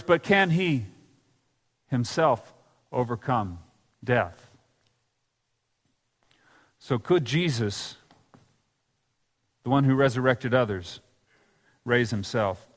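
A man's voice: medium pitch, a little slow, pauses often, in a large hall. A man preaching a sermon in a church, telling scripture stories and acting out the quoted lines. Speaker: pastor. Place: church sanctuary.

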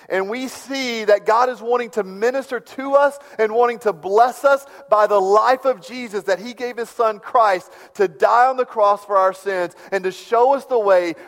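Man, pastor, high voice, sermon, long hall reverb. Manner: storytelling, swings from hushed to loud.

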